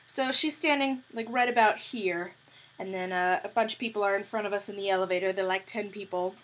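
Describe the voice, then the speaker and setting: A young woman in college telling funny stories to her camera in a casual, animated way, swearing freely and joking. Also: mid-range voice, a little fast. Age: young adult. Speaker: vlogger.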